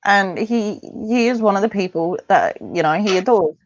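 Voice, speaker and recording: A woman's voice: mid-range voice, moderate pace, darkish tone, dry recording. A woman talking as a parent in a casual interview, chatty and rambling, often acting out what others said. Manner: chatty, rambling, acts out quoted voices. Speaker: parent guest. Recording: dull dry lo-fi sound.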